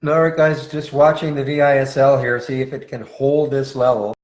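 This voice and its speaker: A man's voice: mid-range voice, level tone, moderate pace, a little mellow, highs cut off. A man hosting a live trading room, commenting on stock charts in a casual, thinking-aloud way with frequent restarts.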